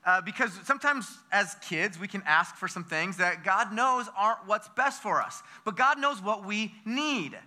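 A male pastor from the United States delivers a lively sermon in a high voice that sounds sharp and very bright. He throws question after question at the congregation and doubles back on his words as he pushes on. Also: normal speed, hardly any pauses. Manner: energetic, with call-and-response questions to the congregation; repeats words and restarts phrases.

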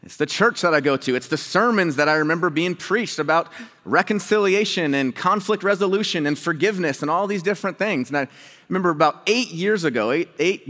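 A man preaching a sermon as a pastor, talking in a conversational way and telling a story. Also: in a large hall. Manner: conversational and animated, acting out quoted dialogue with rising pitch.

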